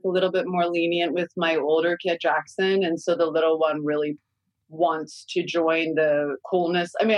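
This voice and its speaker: A woman's voice: on the low side, no room sound, poor audio. Candid swearing woman guest. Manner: candid, swears freely, laughs at herself. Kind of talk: casual podcast chat.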